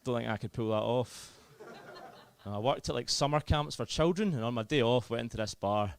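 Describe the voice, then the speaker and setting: A man's voice: mid-range voice, moderate pace, creaky, smooth. A young Scottish man with a Scottish accent performing a self-deprecating, chatty stand-up comedy set. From Scotland.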